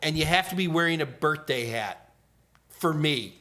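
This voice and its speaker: A man in his sixties with a bright, fairly high voice, hosting a casual live question-and-answer stream. He talks in a playful, jokey way and often trails off mid-sentence. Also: animated, normal speed. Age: 60s. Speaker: host, IT certification trainer.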